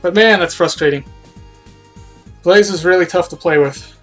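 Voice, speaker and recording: A man with a slightly raised pitch talks loosely over his gameplay, picking apart his own mistakes and letting sentences trail away. He sounds a little winded, and faint game music plays underneath. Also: moderate pace, a bit bright. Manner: rambling, self-critical, trailing off. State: out of breath. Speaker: game streamer. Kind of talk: casual live-stream commentary.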